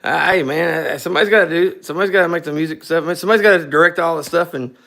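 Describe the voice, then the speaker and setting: A man's voice: fairly high pitch, rapid-fire, gravelly, sharp tone. A man co-hosting a scooter garage live stream, chatting in a loose, joking, rambling way. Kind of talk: casual live-stream chat.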